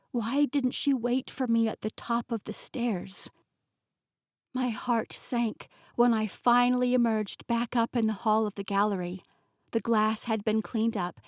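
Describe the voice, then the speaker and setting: A woman narrating a novel in the first person, telling the story in an expressive, emotionally engaged way. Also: fairly high pitch, no echo, studio quality. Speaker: audiobook narrator.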